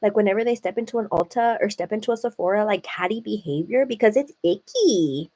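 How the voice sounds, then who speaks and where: A medium-pitched woman speaks fairly quickly as she hosts a live stream sitting at home. Her storytelling is loose and lively, loaded with "like" and sprinkled with "you know."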